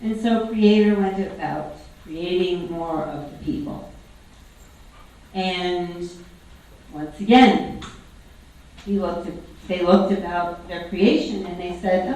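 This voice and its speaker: A woman telling a story to a congregation in a lively, expressive read-aloud, heard from far off in an echoey church sanctuary. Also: fairly low pitch, slow. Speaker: storyteller at a worship service.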